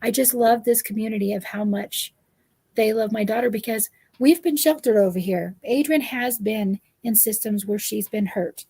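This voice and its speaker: Woman guest, earnest and emotional, mellow tone, talks as a protective mom. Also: fairly high pitch, moderate pace, slightly rough. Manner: earnest, emotional, repeats herself. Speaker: guest parent. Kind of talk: heartfelt live-stream chat.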